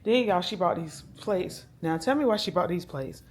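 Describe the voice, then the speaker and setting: A woman's voice: lowish voice, animated, normal speed, slight background noise. A young woman, chatting casually to her camera at home in a laid-back vlog, talking straight to her viewers. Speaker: vlogger. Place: at home, indoors. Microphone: handheld camera.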